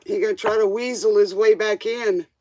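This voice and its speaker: A woman's voice: mid-range voice, steady tone, moderate pace, darkish tone. A woman hosting a live tarot stream, chatting casually with viewers and laughing often.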